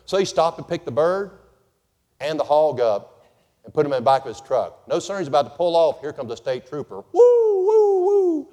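A man's voice: on the high side, animated, fairly quick, a little mellow. A man preaching a folksy, humorous sermon to his congregation. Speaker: pastor. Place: church sanctuary. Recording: long reverb of a church hall.

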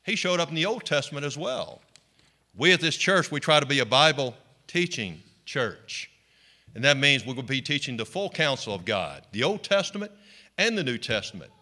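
A male pastor preaching a sermon in an animated way, leading the congregation in call-and-response. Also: medium pitch, moderate pace.

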